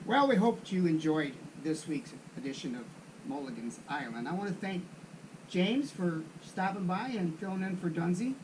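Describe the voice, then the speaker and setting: A man's voice: high-pitched, lively intonation, moderate pace, darkish tone, recorded from a distance, a little hiss or hum, poor audio. Man hosting a golf chat show. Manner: jokey, tells jokes. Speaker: host.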